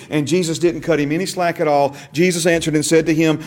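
A man's voice: a little high, steady tone, fairly quick, hardly any pauses. A man teaching a Bible class in a casual way, often repeating words and quizzing his listeners.

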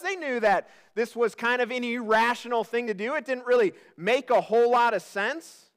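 Lively high-voiced male preacher. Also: moderate pace. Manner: lively, joking, talks to the congregation. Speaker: pastor. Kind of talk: sermon.

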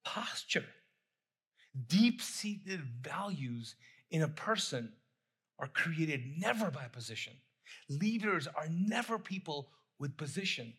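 Man, middle-aged pastor, sermon, husky tone, repeats himself, asks questions. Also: a little high, very animated, slow, a bit bright. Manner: conversational, repeats phrases, asks the congregation questions.

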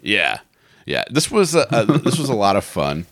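A man with a somewhat low voice hosts a laid-back podcast, rambling through long lists and chuckling as he goes. His sentences wander and restart. The sound is dry and close to the mic. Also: huge pitch swings, moderate pace, gravelly, no echo. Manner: rambling, laughs often, restarts. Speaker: podcast host. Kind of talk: casual podcast chat.

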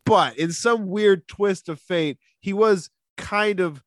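Young male podcast co-host, slightly high voice, long chatty explanations, dry close sound. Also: slow pace, no echo. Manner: storytelling, explains at length with asides. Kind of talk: casual chat.

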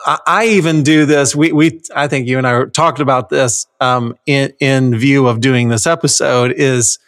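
A man co-hosting a podcast in casual chat, animated and quick to laugh. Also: mid-range voice. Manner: animated, laughs often, stumbles on restarts. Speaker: podcast co-host.

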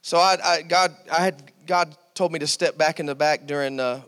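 A man with a high voice preaches to his congregation, often stopping to ask "Amen?" and pressing his points with "See,". The sound rings with a long reverb from the church sanctuary around him. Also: fairly even intonation, moderate pace, a bit bright. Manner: call-and-response preaching, repeated "Amen?" and "See,". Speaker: pastor. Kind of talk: sermon.

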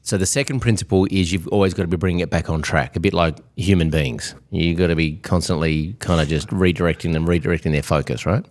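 Low-voiced podcast host recapping points. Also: male voice, fast, few pauses, a little mellow. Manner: sums up and restates the guest's points. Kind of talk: casual podcast chat.

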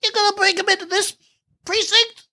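A blustering police captain with a hammy gangster delivery, as a woman puts him on. The pitch sits far above her usual low voice, and each line lands as an accusation. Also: steady tone, fairly quick, bright, forceful tone, exaggerated voice. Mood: accusing. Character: blustering mobster-style police captain man.

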